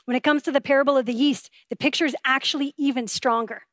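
High-voiced woman preaching earnestly. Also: fairly even intonation, fast talker, fairly bright tone, no echo. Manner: earnest, conversational preaching with rhetorical questions. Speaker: pastor. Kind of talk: sermon.

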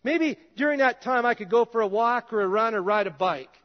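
A male pastor preaching a conversational sermon in a church, his voice dropping soft and low at times. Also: expressive, fairly quick. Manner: conversational, drops soft and low in quoted prayers. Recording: dull reverberant hall sound.

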